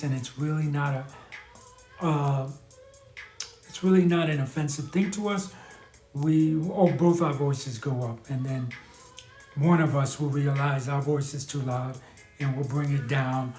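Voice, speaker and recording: A man from New hosts a live stream, talking candidly and earnestly with many fillers and restarts. His voice sits a little high for a man. The room gives the sound a clear echo. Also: a little mellow. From New York. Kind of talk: casual live-stream advice talk.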